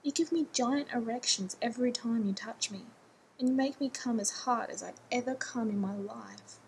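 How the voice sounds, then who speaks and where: An anxious, rambling man pleads with his partner in quick, self-deprecating bursts, as a woman narrator puts him on. His voice sits fairly high. A faint low rumble runs under the recording. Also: creaky, poor audio. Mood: frantic.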